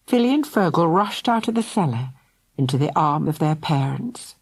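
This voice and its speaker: Brief: woman, children's audiobook narrator, animated delivery, dry close sound. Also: sits low, moderate pace, breathy edge, no room sound. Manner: lively, voices each character.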